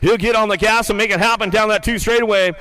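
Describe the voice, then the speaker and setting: A man calling live BMX races play-by-play, rattling off riders' names and positions, then dropping lower and quieter to read results and lineups. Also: steady tone, fast talker, poor audio. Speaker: race announcer. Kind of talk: live BMX race commentary.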